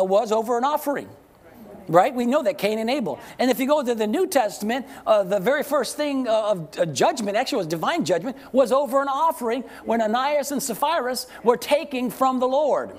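A man pastor preaching a sermon to a congregation, asking rhetorical questions, leading call-and-response, and slowing down to read scripture with emphasis. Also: very high voice, animated. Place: church service with congregation.

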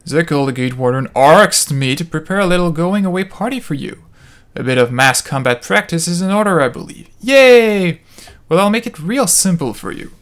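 A man's voice: fairly high pitch, expressive, normal speed, natural voice. A man reading a male warden's lines in his own voice, matter-of-fact and skipping ahead. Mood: explaining. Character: male gate warden instructor.

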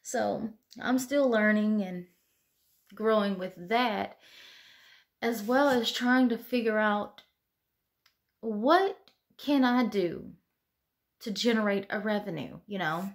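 A woman's voice: medium pitch, takes it slowly, pauses often. A young adult woman talking candidly to camera late at night, tearful and sighing, rambling with many "you know"s. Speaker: vlogger.

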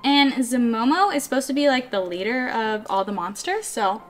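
A woman vlogger chatting excitedly to her viewers as she unboxes collectible toys, gushing and struggling with the packaging. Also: on the high side, normal speed, soft background music. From California, USA. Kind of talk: casual unboxing vlog.

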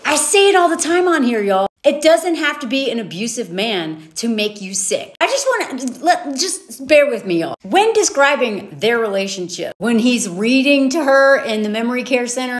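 Southern-raised woman, bright high voice, animated and sarcastic in casual commentary. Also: moderate pace, hardly any pauses. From American South. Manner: animated, sarcastic, quoting characters in exaggerated voices.

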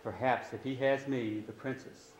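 A man's voice: medium pitch, fairly even intonation, moderate pace, echoey room, lightly acted, low-quality recording. A man voicing a frightened young princess in a storybook, pleading anxiously.

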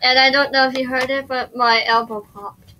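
A woman's voice: high voice, fairly even intonation, moderate pace, bright, forceful tone, low-quality recording. A young woman chatting casually while playing a game with a friend, laid-back and laughing. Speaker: co-host. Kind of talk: casual gameplay chat.

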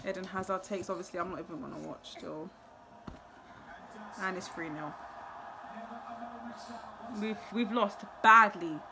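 A woman's voice: lowish voice, measured pace, pauses often, heavy background noise. A young woman, a football fan giving a live, emotional match reaction full of exclamations and repeated phrases.

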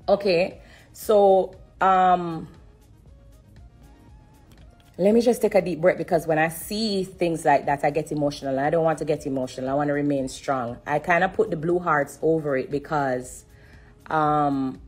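Low husky woman, emotional testimony. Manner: earnest and repetitive, stopping to steady herself. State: holding back tears. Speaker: singer sharing a personal testimony. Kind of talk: live-stream testimony.

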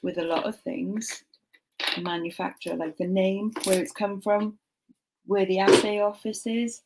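A young woman casually chatting to a live stream while sorting jewellery, muttering soft asides to herself. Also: mid-range voice, level tone, normal speed, background noise.

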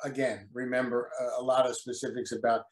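A man's voice: mid-range voice, flat delivery, brisk, roomy sound, poor audio. An older man, a guest actor on a video call interview, talking hesitantly with lots of repeated words and apologies for his memory.

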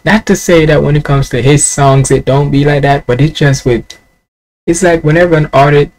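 A man's voice: a little high, moderate pace, low-quality recording. A man with a Jamaican accent hosting a casual music reaction video, rambling and musing aloud.

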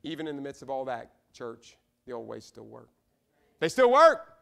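A man with a Midwestern American accent preaching a sermon in a church, swinging from loud, emphatic repeated lines to hushed asides. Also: medium pitch, brisk, creaky. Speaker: pastor. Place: church sanctuary.

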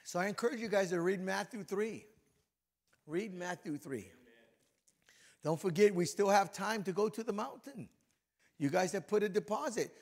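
A middle-aged man preaching to a men's breakfast with a voice worn hoarse from yelling, conversational and then fervent in prayer. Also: high-pitched, normal speed, pauses often. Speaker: pastor.

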